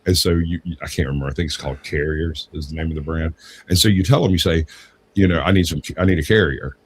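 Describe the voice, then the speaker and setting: Deep-voiced Southern man telling a story. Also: quick pace, slight background noise. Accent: Southern US, Georgia. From Georgia, US. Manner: rambling storyteller, animated when quoting others. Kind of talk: casual podcast chat.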